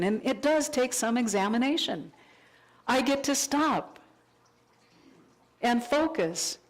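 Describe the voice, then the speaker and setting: Woman minister, sermon, animated storytelling, acts out inner voice, church. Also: mid-range voice, rough recording. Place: church sanctuary.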